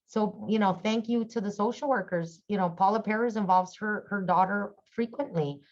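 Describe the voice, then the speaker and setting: A middle-aged woman speaking as a conference panelist, earnest and halting with many fillers. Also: medium pitch, a little mellow, highs cut off. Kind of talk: conference presentation.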